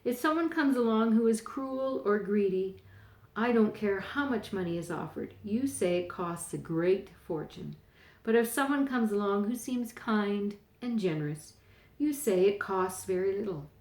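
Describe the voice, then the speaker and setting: A woman reading a storybook, voicing a kind queen who calmly protects her daughter. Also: medium pitch, measured pace, echoey room, lightly acted. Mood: reassuring. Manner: calm, reassuring.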